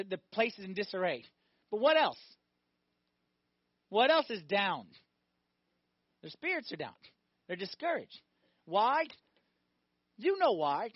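A man preaching a lively sermon as a priest, often asking his listeners questions. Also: sits high, dry recording. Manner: animated, asks the congregation questions. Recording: dull, dry recording.

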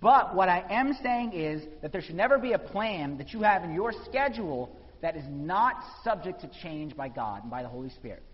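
A man preaching a sermon, telling the story with animated voices for the people in it. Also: high voice, normal speed, hardly any pauses. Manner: animated storytelling, acting out quotes. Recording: dull sound in a reverberant hall.

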